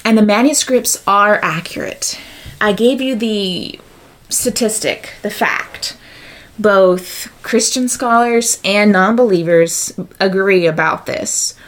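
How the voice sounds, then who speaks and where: A woman's voice: medium pitch, slow. A woman giving a methodical explanatory talk, working through examples and figures step by step. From United States.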